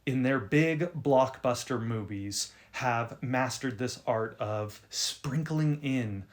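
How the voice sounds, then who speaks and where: A young man hosting a video on writing, telling an embarrassing story in an animated, self-deprecating way with frequent restarts. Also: medium pitch, takes it slowly. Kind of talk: casual storytelling to camera.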